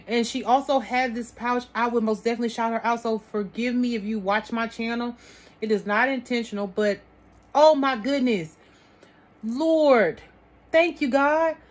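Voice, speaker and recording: Gushing high-voiced woman unboxing a haul. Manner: gushing, exclaims often, talks to viewers as sis and y'all. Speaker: haul vlogger. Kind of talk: product unboxing chat.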